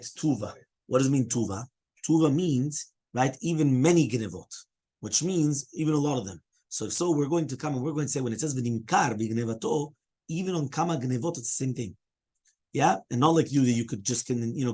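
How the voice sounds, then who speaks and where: Husky-voiced rabbi teaching a Talmud class. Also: male voice, mid-range voice. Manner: explains step by step, often checks in with "right?"; fields questions and interruptions from students.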